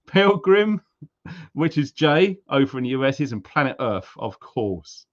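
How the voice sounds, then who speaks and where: A man's voice: on the high side, lively intonation, moderate pace, lo-fi sound. A British man hosting a live stream in a casual, chatty way, greeting viewers one by one. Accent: British English. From England. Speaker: livestream host.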